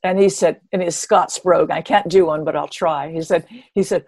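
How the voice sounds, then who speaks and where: Older woman guest with a lowish voice, recorded dry and close, telling stories with wry humor. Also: moderate pace, hardly any pauses, dry recording. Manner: animated, expressive storyteller with a wry humor. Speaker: interview guest, pioneering marathon runner. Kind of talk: conversational storytelling.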